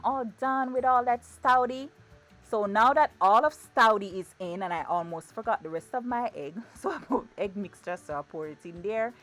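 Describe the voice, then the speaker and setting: A woman talks her viewers through a recipe in her kitchen. Her manner is chatty and playful, full of repeated phrases. Her voice sits at a middle pitch, with soft music playing faintly underneath. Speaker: cooking vlogger. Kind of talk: casual cooking demonstration. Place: home kitchen.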